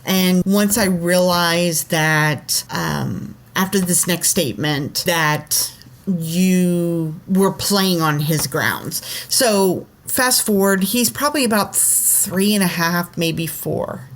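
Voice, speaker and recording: A woman with a slightly low voice telling a personal story on a podcast. She rambles, full of "you know" and "um", and slips into the voices of the people she quotes. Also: slow. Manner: rambling, filler-heavy, acts out quoted voices. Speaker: podcast co-host, intuitive.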